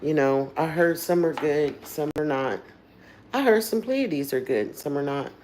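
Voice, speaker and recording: Woman, low pitch, livestream host, candid casual storytelling, swears freely, trailing asides. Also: expressive, measured pace, darkish tone, a little hiss or hum.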